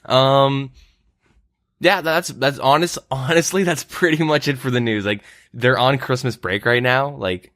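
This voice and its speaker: In clean studio sound with no echo, a young Canadian podcast host chats about gaming. He keeps a measured pace at medium pitch, staying relaxed and dropping in many "like"s and "um"s.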